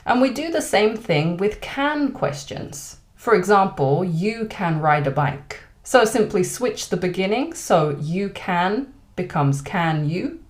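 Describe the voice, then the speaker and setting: Woman, British accent, online English lesson, lively intonation. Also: mid-range voice. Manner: clear, deliberate teaching delivery with exaggerated example intonation. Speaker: English teacher.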